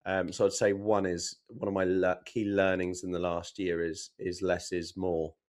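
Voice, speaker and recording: A man with a very low, deep voice co-hosts a casual business podcast. He explains his thinking in long, reflective run-on lists, speaking over a remote call. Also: level tone, normal speed, a little mellow. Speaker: podcast co-host, property developer.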